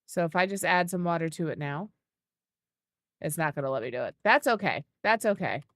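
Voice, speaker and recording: A woman's voice: low voice, expressive, a little fast, fairly bright tone, no room sound, clean studio sound. A woman giving casual gameplay commentary, thinking aloud as she builds and cooing baby talk at an animal. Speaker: gaming video creator.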